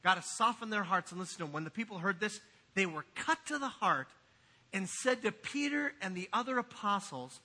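A man preaching a sermon in a church, swinging from quiet asides to loud, emphatic passages. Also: sits high, lively intonation, fairly quick. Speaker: pastor. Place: church sanctuary.

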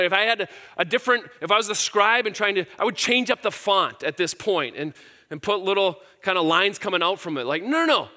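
Man, middle-aged, pastor; high, bright voice, casual and earnest sermon. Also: expressive, a little fast. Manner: casual and earnest, with fillers and repeated words. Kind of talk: conversational sermon.

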